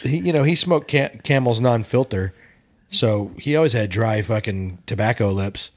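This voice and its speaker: A man on a comedy podcast telling stories in a halting way, with frequent restarts. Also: fairly low pitch, expressive. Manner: halting storyteller, restarts often. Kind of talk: casual anecdotal chat.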